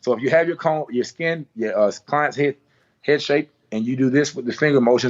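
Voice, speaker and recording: A man's voice: mid-range voice, fairly quick, dull audio. A man teaching a hands-on haircutting class, talking through each move with repeated cues and playful sound effects. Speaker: barber educator. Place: salon.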